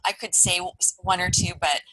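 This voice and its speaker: A woman's voice: lowish voice, steady tone, brisk, pushed and bright, poor audio. A woman calling in from home on a work computer, hesitant and surprised, with nervous laughs. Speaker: caller. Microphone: work computer without camera.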